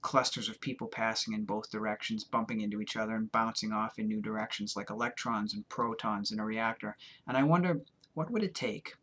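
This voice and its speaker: A man reading his own first-person literary fiction aloud in a deadpan, rambling manner. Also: on the low side, a little fast, breathy edge.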